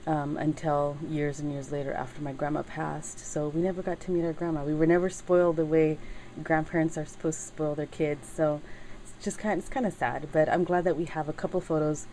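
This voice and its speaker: A middle-aged woman chatting casually in a craft video, halting with many fillers and getting teary as she talks. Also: sits low, flat delivery, dark tone, a little hiss or hum, rough recording. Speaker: crafting channel host.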